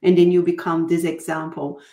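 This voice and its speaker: A woman's voice: low-pitched, flat delivery, normal speed. A woman host from Brazil with a Brazilian Portuguese accent, affirming her guest and wrapping up an interview over a video call. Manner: warm, affirming, frequent agreement. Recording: echoey room.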